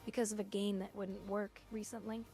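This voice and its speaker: A woman's voice: medium pitch, level tone, brisk, warm tone, soft background music. A young woman streamer chatting casually on a livestream, blunt and opinionated, rambling from one thought to the next.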